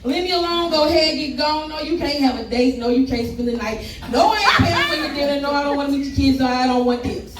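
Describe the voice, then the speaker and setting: A woman's voice: sits high, expressive, fast, hardly any pauses. A woman performing spoken word poetry live at a poetry event, rhythmic, blunt and profane, with laughing asides to the crowd. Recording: echoey room, distant mic, background noise.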